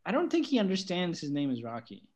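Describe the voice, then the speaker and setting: This vlogger talks in a loose, rambling way, tripping over restarts and slipping into quoted voices of others. The pitch sits right in the middle range, and laughter keeps breaking into the talk. It sounds like an easy, unscripted chat. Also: huge pitch swings, fast talker, a little mellow. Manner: laughs often while talking. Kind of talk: casual chat.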